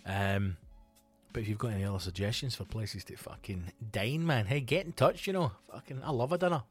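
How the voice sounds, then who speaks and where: A man's voice: fairly low pitch, brisk, breathy edge, soft background music. Sweary Scottish man ranting. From Scotland. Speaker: comedian podcast host. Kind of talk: casual ranting monologue.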